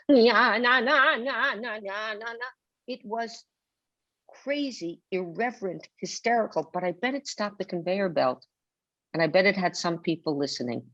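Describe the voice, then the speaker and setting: Older woman guest on a webinar, low voice, vivid theatrical storyteller, dull dry video-call sound. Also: no room sound. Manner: theatrical storyteller who acts out quotes. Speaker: guest author. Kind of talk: webinar conversation.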